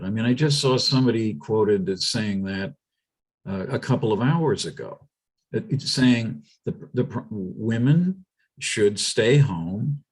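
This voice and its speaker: Emphatic husky-voiced male guest. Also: lowish voice. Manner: animated, emphatic, with frequent restarts. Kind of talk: casual political talk.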